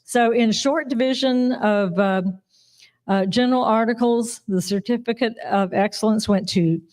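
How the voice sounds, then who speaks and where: A woman reads out award winners at a live ceremony in a slightly high voice. She is chatty and giggly, and she apologizes whenever she stumbles over a name. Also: normal speed, darkish tone. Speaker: awards presenter.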